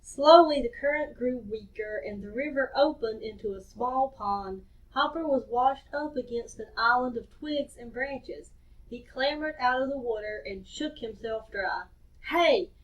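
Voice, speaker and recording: A woman reading a story aloud to children in a cheerful, expressive way. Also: on the high side, measured pace. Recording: distant dull lo-fi recording.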